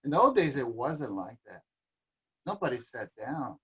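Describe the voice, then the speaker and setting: A man's voice: mid-range voice, big pitch swings, moderate pace, husky, poor audio. A man in casual conversation on a livestream, talking thoughtfully about music and dance and sometimes dropping in Spanish words. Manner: reflective, sprinkles in Spanish words. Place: home livestream.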